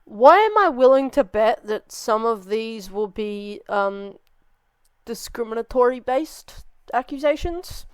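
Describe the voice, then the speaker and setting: A woman's voice: on the high side, lively intonation, takes it slowly, smooth, dry recording. A young woman hosting a reaction video, ranting and swearing in exasperation. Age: young adult. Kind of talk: casual reaction commentary.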